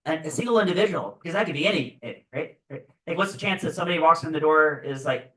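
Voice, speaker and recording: Animated guy teaching stats in class, kinda high voice, keeps asking right?. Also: quick pace, recorded from a distance, low-quality recording. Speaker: physics teacher. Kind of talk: classroom lecture.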